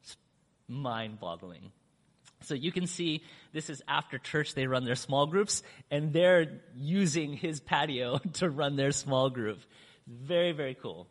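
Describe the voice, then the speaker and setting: Animated man telling a story in a hall. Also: measured pace. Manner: acts out quoted speech with big pitch swings; chatty, with fillers and restarts. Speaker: church speaker telling a mission story. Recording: long hall reverb.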